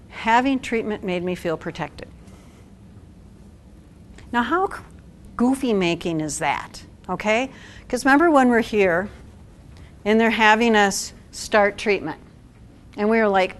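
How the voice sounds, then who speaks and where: A woman social worker giving a talk to a support group, animated and acting out quotes with laughs. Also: medium pitch.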